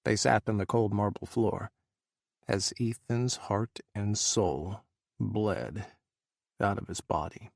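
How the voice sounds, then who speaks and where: A man narrating an audiobook, with slow, dramatic emphasis on emotional passages. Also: on the low side, vocal fry, dry recording, studio quality.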